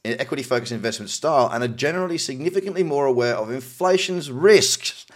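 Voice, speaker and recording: A man's voice: medium pitch, lively intonation, a little fast. A middle-aged Australian man casually reading out news articles and adding cynical, wry asides. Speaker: crypto news commentator.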